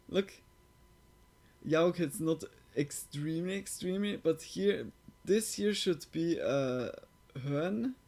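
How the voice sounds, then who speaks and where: Man, casual stream reaction, rambling with filler words, fairly high voice, slow and drawn out. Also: darkish tone. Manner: rambling, heavy use of "like" fillers.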